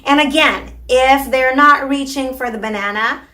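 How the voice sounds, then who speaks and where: A woman with a bright, ringing tone and a somewhat high voice explains a home activity to parents, sounding like a speech therapist. She slips into an exaggerated sing-song when she models words for a young child. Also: moderate pace. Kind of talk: instructional video for parents.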